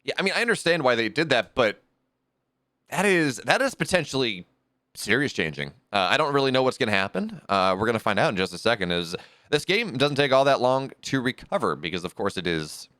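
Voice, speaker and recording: A man's voice: mid-range voice, fairly quick, no room sound. Male esports caster with a bouncy, swooping delivery; dry, close sound. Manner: animated, goofy, energetic. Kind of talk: live esports commentary.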